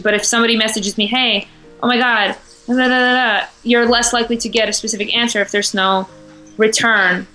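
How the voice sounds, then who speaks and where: A woman's voice: mid-range voice, bright, forceful tone, rough recording. A woman guest in an interview, speaking confidently and casually, often laughing.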